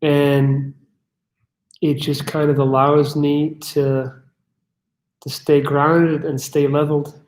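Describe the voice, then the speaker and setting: A man's voice: fairly high pitch, little pitch movement, slow pace, pauses often, darkish tone. A young man hosting a casual livestream, bluntly chatting and swearing as he answers chat questions. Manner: blunt, swears, reads chat aloud and riffs. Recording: echoey room.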